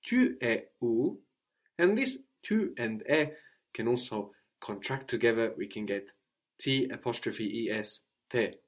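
A man teaching French to a student, explaining slowly and repeating phrases for her to copy. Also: medium pitch, animated. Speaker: language teacher.

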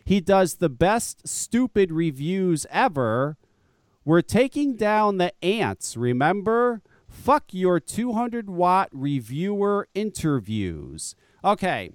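Animated, angry male podcast host. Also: sits high, slow pace, smooth, no room sound. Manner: angry, mocking, swears, laughs at critics. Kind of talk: profane ranting live show.

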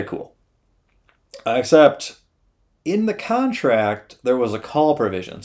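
Profane, loose male storyteller. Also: on the low side. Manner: loose, profane, animated retelling with frequent "uh". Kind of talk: casual storytelling.

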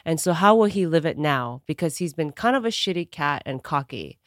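A woman comedian guesting on a podcast, chatting in an animated way, swearing playfully and laughing often. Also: low-pitched, a little fast, no echo, studio quality. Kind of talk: casual chat.

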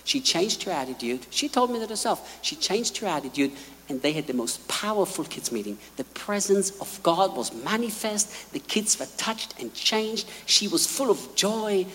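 A man preaches a sermon with lively storytelling, his pitch swinging widely. He acts out the quotes in his stories. His voice rings in a hall with a long reverb. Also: normal speed, a little hiss or hum. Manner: animated storytelling, acting out quotes.

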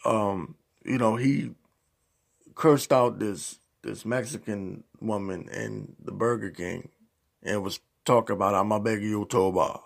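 A man's voice: fairly low pitch, takes it slowly, creaky. A man giving a casual, profane rant as a YouTube commentator, heavy on slang. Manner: profane, animated ranting with slang.

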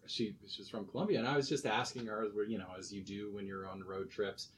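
A man chatting casually on a podcast, telling animated stories and laughing as he goes. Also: fairly low pitch, fast talker, a little hiss or hum, low-quality recording. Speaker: podcast guest, research expert. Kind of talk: casual chat, storytelling.

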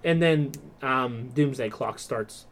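A man hosting a podcast, retelling a story in a rambling, animated way, with lots of "like" and "um". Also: mid-range voice, slow pace. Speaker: podcast host. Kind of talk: casual podcast chat.

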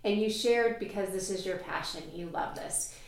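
A woman podcast host asks her questions in a measured, appreciative way. Her voice sits at an ordinary middle pitch. The recording is heavily echoey, as if made in a bare, hard-walled room. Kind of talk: podcast interview.

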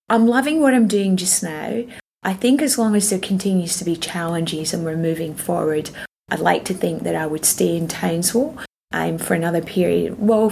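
A Scottish woman talks as a guest in a relaxed interview, circling her thoughts with ums and restarts. Her voice has a gravelly edge and sits on the low side. A faint hiss runs under her speech. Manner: reflective, rambling with ums and restarts. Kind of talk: casual interview chat.

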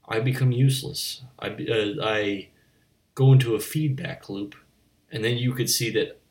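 A man delivering a rambling, absurdist comic monologue to the camera, wandering between mock-philosophical musings and stammering restarts. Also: mid-range voice. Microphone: on camera, speaking to viewers.

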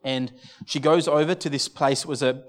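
A man preaching a sermon at a church service, telling a personal story in an earnest, halting way with many restarts. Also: medium pitch, fairly even intonation. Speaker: pastor.

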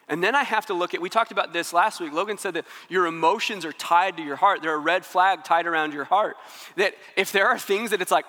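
A man's voice: high-pitched, a little fast, pushed and bright, long reverb tail. A man preaching a sermon in an earnest, conversational way, acting out the inner thoughts of his listeners.

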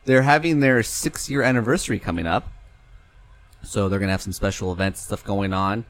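A young man from California co-hosts a podcast, his voice lowish and a little fast, with no echo. He rambles loosely through the casual chat, swearing casually and laughing easily.

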